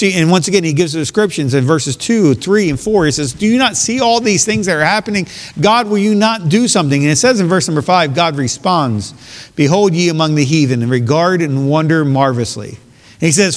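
A man preaching a sermon, reading scripture aloud and rising to emphatic peaks. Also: fairly high pitch. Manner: reads scripture aloud in old King James wording, rising to emphatic peaks. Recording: long hall reverb.

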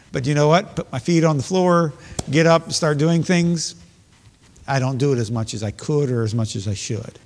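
A man's voice: fairly high pitch, moderate pace, long reverb tail. A man preaching a sermon, talking earnestly and building to raised, emphatic peaks. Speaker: pastor.

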